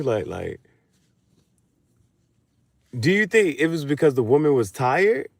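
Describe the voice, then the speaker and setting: A man in a casual late-night monologue who talks animatedly and laughs often, moving between low mutters and loud outbursts. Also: wildly swooping pitch, measured pace, pauses often, no room sound, clean studio sound. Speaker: vlogger.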